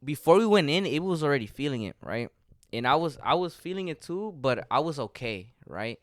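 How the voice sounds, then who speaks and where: A man's voice: fairly high pitch, sing-song, brisk, no room sound, studio quality. A young man co-hosting a podcast, telling stories in a casual, joking way and laughing often. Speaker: podcast co-host. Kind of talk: casual chat.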